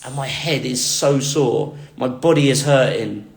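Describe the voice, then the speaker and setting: A vlogger with a mid-range, slightly slow voice and vocal fry earnestly recounts his near-death experience to camera. The storytelling is emotional, and he repeats words for emphasis. The recording has a roomy echo.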